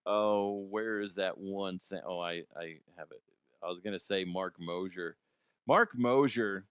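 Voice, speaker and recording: A man's voice: on the low side, fairly bright tone, clear, resonant tone, dry recording, clean studio sound. A middle-aged man hosting a casual sports podcast, joking and swearing freely and laughing often. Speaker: podcast host. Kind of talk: casual solo sports chat.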